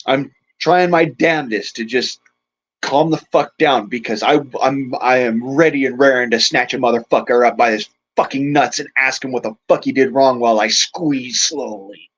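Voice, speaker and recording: A man's voice: mid-range voice, normal speed, fairly bright tone, slight background noise. A middle-aged man hosting a livestream, ranting in a profane, agitated way, shaken and angry. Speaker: livestream host. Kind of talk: angry livestream rant and chat greetings. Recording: dull lo-fi stream audio.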